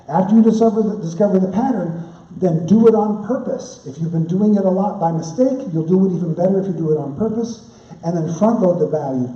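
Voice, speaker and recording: Animated pastor teaching from afar. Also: male voice, a little high, reverberant, distant mic, muffled recording. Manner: animated storytelling with asides. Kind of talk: conference teaching talk.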